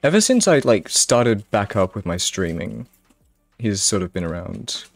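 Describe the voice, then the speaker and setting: A man's voice: lowish voice, big pitch swings, unhurried, creaky, dry recording, faint music behind. A male streamer chatting casually with his viewers, rambling and apologizing a lot. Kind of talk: casual live-stream chat.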